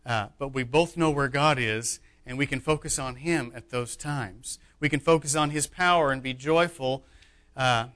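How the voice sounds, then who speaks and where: A man preaching a sermon as pastor, emphatic, swinging between loud declarations and hushed asides. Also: medium pitch, normal speed.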